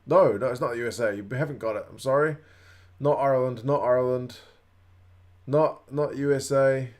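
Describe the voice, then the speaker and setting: A man's voice: medium pitch, moderate pace, a little mellow. A man, hosting a casual rugby watch-along stream and chatting with viewers. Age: 30s. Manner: chatty, reacting to live chat comments. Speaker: livestream host.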